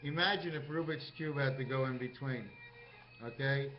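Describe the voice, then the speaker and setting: A man's voice: medium pitch, moderate pace. A man talking in a rambling monologue, jumping from topic to topic and asking questions of himself. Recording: muffled lo-fi recording with faint music.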